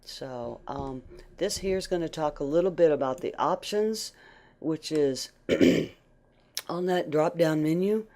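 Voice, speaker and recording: A woman instructor talks through a software tutorial in a relaxed, conversational way, full of ums and restarts. Allergies leave her voice a little worn and uneven. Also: low-pitched, unhurried. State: allergies, voice going in and out. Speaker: computer skills instructor. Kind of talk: screen-share software tutorial.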